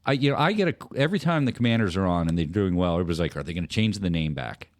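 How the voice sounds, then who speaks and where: A man hosting a casual podcast chat, steering topics with halting, restart-heavy talk. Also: low-pitched, animated, no echo, clean studio sound. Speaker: host.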